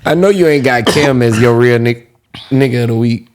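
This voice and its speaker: A man's voice: medium pitch, normal speed. A young man co-hosting a podcast in casual chat, taking his time to explain his points and laughing along. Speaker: podcast co-host.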